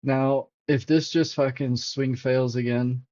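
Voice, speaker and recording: A man hosting a crypto livestream, talking casually and excitably over charts and swearing freely to his chat. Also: medium pitch, slow pace. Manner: profane, excitable, talks to chat. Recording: dull lo-fi stream audio.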